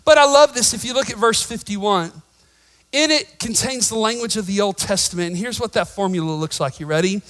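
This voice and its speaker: A man preaching a sermon in a church, swinging between shouted emphasis and quiet asides and joking with the congregation. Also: high voice, poor audio. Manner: jokes with the congregation. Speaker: pastor.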